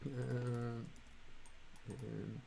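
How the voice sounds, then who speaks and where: A young American man chatting on a live stream, reading chat aloud and working through halting Russian with lots of fillers. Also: medium pitch, level tone, gravelly, dark tone, slightly rough. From United States.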